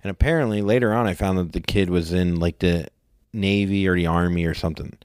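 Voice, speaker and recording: A man's voice: low voice, a little fast, smooth, no room sound, studio quality. A man in his forties, co-hosting a podcast, telling a story in casual chat and jumping into a raised voice to act out what people said. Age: 40s. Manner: animated storyteller who acts out quotes in a raised voice. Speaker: podcast co-host.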